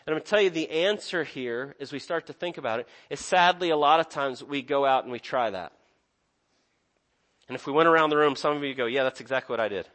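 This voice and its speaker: A man's voice: a little high, a little fast, fairly bright tone. A young man preaching a sermon in an earnest, conversational way, often restarting his sentences. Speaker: pastor.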